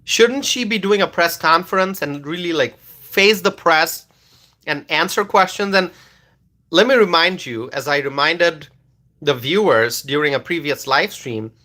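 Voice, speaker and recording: A man's voice: on the high side, bright, forceful tone. A man hosting a casual political commentary live stream, repeating his points with emphasis and reading viewer comments aloud.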